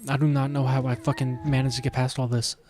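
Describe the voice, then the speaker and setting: A man's voice: medium pitch, flat delivery, quick pace, a little mellow. A man streaming a game, talking in a casual, crude, joking way. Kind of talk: casual gameplay commentary.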